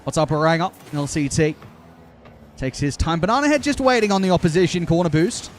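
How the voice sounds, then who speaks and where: Brisk young male esports caster. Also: a little high, expressive, a little hiss or hum. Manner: brisk play-calling, breaks off to argue with chat. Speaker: esports commentator streaming live. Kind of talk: live play-by-play commentary with chat asides.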